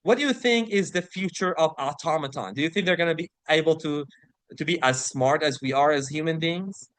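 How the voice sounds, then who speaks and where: A man teaching an English vocabulary lesson, who explains words, reads example sentences aloud slowly and keeps checking in with "right?". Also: a little high, a bit bright, no room sound. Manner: slows to read example sentences and passages aloud.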